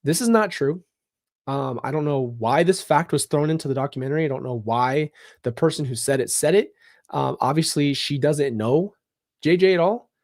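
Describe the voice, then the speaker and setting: A man's voice: on the high side, normal speed, a little mellow, no room sound, clean studio sound. A man hosting a casual commentary vlog, talking bluntly and emphatically with open frustration. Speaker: channel host.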